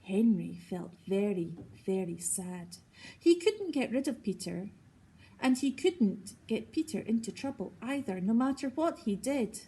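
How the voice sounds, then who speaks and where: A woman reads a children's storybook aloud slowly and gently. Her voice is breathy and slightly high, with a lively, swooping melody. She often stops to ask the young listeners simple questions. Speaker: teacher reading aloud.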